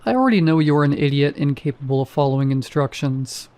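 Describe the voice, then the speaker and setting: A man voicing an apathetic male security guard who speaks flat and bored, in a monotone. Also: fairly high pitch, normal speed, close to an everyday voice. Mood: deadpan. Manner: monotone and deadpan.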